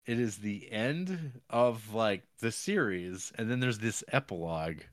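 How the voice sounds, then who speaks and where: A man's voice: fairly low pitch, expressive, unhurried. Rambling man recapping a film. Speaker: podcast co-host. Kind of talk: casual film recap chat.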